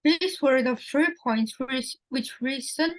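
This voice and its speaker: Woman, reading aloud in class, high voice, very slow, dry sound. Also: no echo, poor audio. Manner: halting, stumbles on words.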